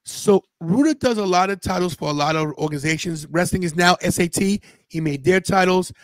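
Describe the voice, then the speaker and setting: Podcast host, male, high-pitched, chatty storyteller; dry close mic. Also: brisk, no room sound. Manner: animated storyteller, quotes friends in a loose slangy way. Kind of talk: casual watch-party chat.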